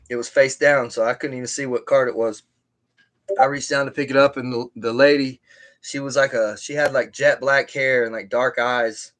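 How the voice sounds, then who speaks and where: A man's voice: medium pitch, fairly bright tone. A man on a live stream telling a story from his own life in a casual, rambling way, with many restarts and side remarks. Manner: rambling, with frequent restarts and asides.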